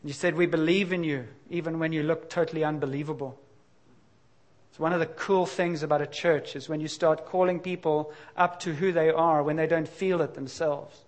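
A man's voice: a little high, fairly even intonation, moderate pace. A middle-aged man preaching a sermon in a candid, confessional, conversational way, with sudden emphatic bursts. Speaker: pastor.

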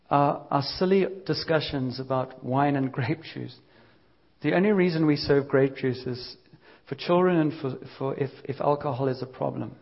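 A man's voice: mid-range voice, creaky, lo-fi sound. A man preaching a sermon, telling a Bible story in a conversational way and acting out the quotes.

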